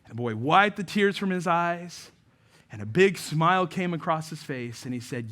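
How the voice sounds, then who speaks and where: A pastor delivers a sermon in a slightly high male voice. He tells stories and acts out the people he quotes. He often drops to a near-hush at the end of a phrase. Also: expressive, moderate pace. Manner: preaching with story-telling, voicing quoted people.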